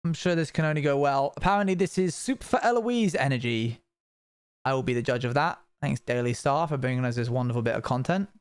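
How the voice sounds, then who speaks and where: A man's voice: mid-range voice, lively intonation, a little fast, smooth. A young man chatting casually as a streamer, reacting to a video with wry, rambling commentary.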